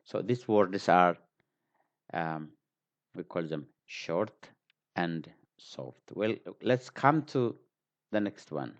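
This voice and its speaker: Slow, very deep-voiced man teaching. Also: animated. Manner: patient, repeats example words, frequent fillers. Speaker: language teacher. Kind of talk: slow spoken lesson. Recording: dull lo-fi recording.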